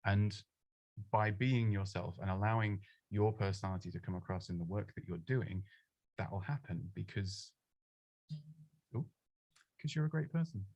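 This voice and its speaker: A man giving casual, chatty advice on presenting, self-deprecating and prone to quick restarts. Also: fairly low pitch, a little mellow, dry recording, lo-fi sound. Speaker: presenting coach. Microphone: close studio microphone.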